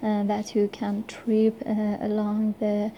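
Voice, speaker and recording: A woman's voice: mid-range voice, monotone, slow, highs cut off, a little hiss or hum. A woman speaking English as a second language, giving a hesitant, unscripted talk full of filler sounds and restarts. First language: not English. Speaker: forum member presenting a talk. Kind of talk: slow unscripted monologue.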